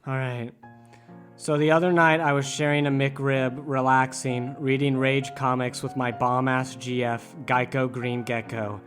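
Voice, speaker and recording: A man's voice: mid-range voice, flat delivery, a little slow, fairly bright tone, soft background music. A man on a comedy podcast telling a crude spoof horror story in a mock-dramatic way, often laughing through his lines.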